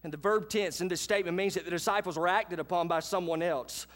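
A man, preaching a sermon in a church with animated, folksy asides to his congregation. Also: high-pitched, fast talker. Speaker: pastor. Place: church sanctuary.

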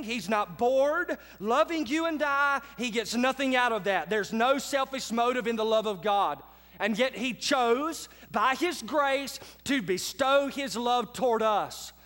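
A high-voiced man delivers a sermon from the pulpit. He keeps a casual, conversational tone but pushes his key lines with force. His voice rings out in a large hall with a long reverb tail. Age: adult with children. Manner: conversational preacher, swings between quiet asides and loud emphatic lines. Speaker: pastor.

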